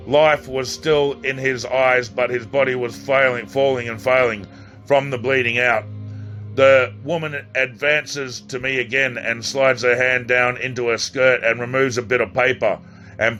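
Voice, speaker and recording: A man narrating his own audiobook in a halting, unpolished way, sometimes repeating or correcting himself. His voice is bright and forward, with faint music playing under it. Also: mid-range voice. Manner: halting reading with restarts and slips. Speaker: author reading his own novel.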